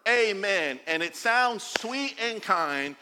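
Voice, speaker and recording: Pastor guy in his 40s preaching, jokey and animated, bright voice, big hall echo. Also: high voice, normal speed, a little hiss or hum. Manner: animated, jokey, acts out quotes. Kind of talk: sermon.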